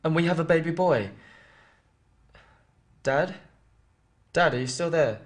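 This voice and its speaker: A man's voice: on the high side, takes it slowly. A young actor playing an apologetic son who hesitantly confesses to his father on the phone in a radio drama. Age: young adult.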